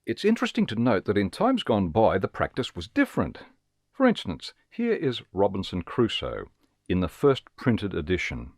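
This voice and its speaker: Man, very low voice, lively swings in pitch, teacher reading a lesson script, dry close sound. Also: dry recording. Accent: Australian. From Australia. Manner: measured, explanatory, reads examples aloud. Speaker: teacher giving a webinar.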